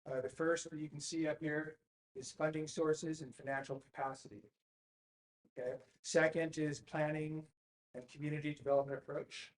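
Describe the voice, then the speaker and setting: A man giving a presentation at a city council meeting, speaking in a measured way with frequent fillers and restarts. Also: on the high side, flat delivery. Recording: echoey council chamber.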